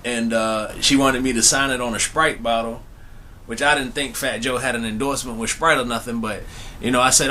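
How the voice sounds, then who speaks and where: Here a young vlogger casually recounts something from his own life, using slang and turning often to address viewers. His mid-range voice holds steady, brisk and bright with a pushed quality. Some slight hiss or hum sits under it.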